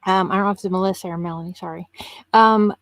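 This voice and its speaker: A woman in her fifties, a podcast guest in casual chat, telling stories in an animated way and laughing often. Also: fairly low pitch, quick pace, no echo. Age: 50s.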